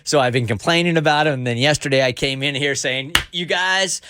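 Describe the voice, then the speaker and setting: A man's voice: mid-range voice, quick pace, background noise. A middle-aged man hosting a radio show, telling a story in a casual, playful way that builds suspense. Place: radio studio. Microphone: studio mic.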